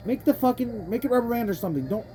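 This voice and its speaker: A woman's voice: fairly high pitch, animated, very fast, dark tone. A young woman commenting on a racing game she is playing, ranting with lots of profanity, frustrated and rambling, often breaking off mid-sentence. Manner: frustrated, rambling self-interrupting talk. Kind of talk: let's play commentary. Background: faint game music.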